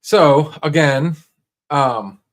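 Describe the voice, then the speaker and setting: A man's voice: a little high, very slow. A man hosting a casual livestream, talking straight to viewers in a laid-back, rambling way full of restarts and fillers. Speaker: livestream host.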